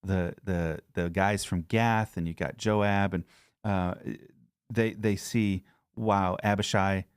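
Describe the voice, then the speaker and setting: A man's voice: sits low, steady tone, slow pace, clear, resonant tone, no echo, clean studio sound. A man, a church pastor, reading a Bible passage aloud and then talking it over casually with a co-host. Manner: reads aloud then chats conversationally. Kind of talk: scripture reading and discussion.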